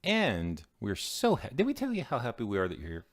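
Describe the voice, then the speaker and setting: A man's voice: mid-range voice, huge pitch swings, brisk. A man co-hosting a casual podcast, joking and playful, with mock announcer flourishes. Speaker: podcast co-host. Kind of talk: casual chat. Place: home podcast studio.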